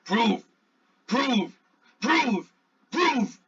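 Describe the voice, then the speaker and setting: A man's voice: very high voice, very animated, drawn-out words, a bit bright, breathy edge, pitched above the performer's own voice, heavily acted. A man voicing a territorial dinosaur that speaks in clipped, broken phrases, raised above his own voice. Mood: suspicious. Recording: dull lo-fi audio.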